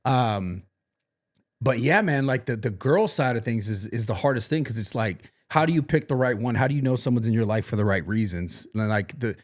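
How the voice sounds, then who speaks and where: A man's voice: medium pitch, expressive, moderate pace. A young man hosting a podcast, speaking in an earnest, reflective way with lots of "like" fillers in casual chat. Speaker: podcast host.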